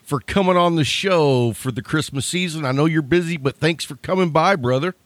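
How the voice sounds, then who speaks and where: A man hosting a podcast, joking around in casual chat with bursts of fast talk. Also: on the high side, fairly bright tone, no echo. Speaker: podcast host.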